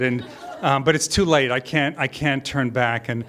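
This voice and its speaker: Wry, bright-voiced man telling a story. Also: mid-range voice, a little hiss or hum. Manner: wry, halting, chuckling through the story. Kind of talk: live storytelling. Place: live stage.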